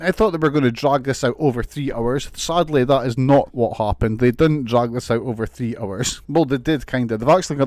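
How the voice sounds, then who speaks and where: A man's voice: mid-range voice, darkish tone, dry recording, clean studio sound. A man giving a casual, sweary, sarcastic recap of a wrestling show, laughing often.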